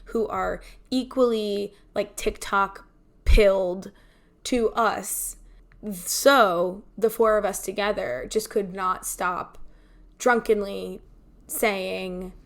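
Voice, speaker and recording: A woman's voice: medium pitch, slow. A woman co-hosting a podcast, telling stories casually and acting out the lines of others. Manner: animated storyteller, acts out quoted dialogue. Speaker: podcast co-host. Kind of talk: casual chat. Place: home, remote.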